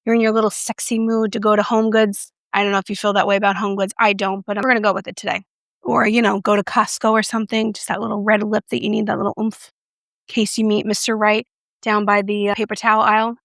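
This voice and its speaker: A woman doing a casual makeup review vlog, chatty and playful, with self-mocking asides and soft whispered moments. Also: mid-range voice, no room sound, studio quality. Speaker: beauty reviewer.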